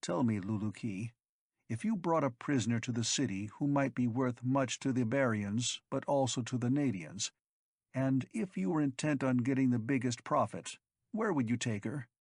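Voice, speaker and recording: Man doing stoic giant hero in an audiobook, terse and husky. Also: expressive, normal speed, darkish tone, dry recording, studio quality. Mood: resolute. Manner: low, terse, resolute. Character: big silent determined male hero.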